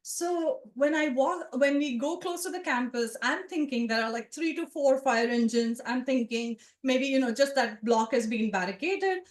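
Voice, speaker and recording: Lively woman storyteller in an echoing hall. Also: sits high, moderate pace, few pauses. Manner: conversational, animated, with asides to the audience. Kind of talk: personal storytelling to a live audience. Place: event room with a live audience.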